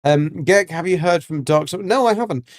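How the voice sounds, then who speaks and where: A man's voice: high voice, normal speed, dry recording, studio quality. A man chatting casually on a gaming livestream, rambling with many ums and restarts. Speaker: livestreaming gamer.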